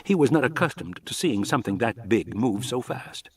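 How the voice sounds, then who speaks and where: Expressive male audiobook narrator, husky voice, lively pitch, mic a bit distant. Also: moderate pace. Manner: expressive storytelling delivery. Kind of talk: scripted narration.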